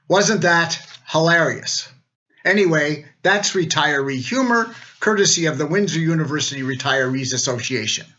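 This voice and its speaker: A man's voice: a little high, pushed and bright, highs cut off. An older man, a retired law dean, giving a wry, joking recorded greeting.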